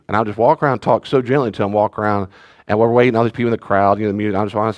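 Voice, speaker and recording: This is a man with a fairly low voice, a pastor leading a church study class. He talks in a loose, conversational way and drops in joking asides to the people in the room. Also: fairly even intonation, racing.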